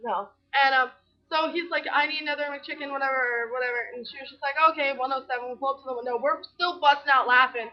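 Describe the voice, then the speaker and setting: Giggly high-voiced young woman on webcam. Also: fast, few pauses. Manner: giggly, animated retelling with quoted voices. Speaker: vlogger. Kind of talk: casual storytelling chat. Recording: dull lo-fi webcam audio.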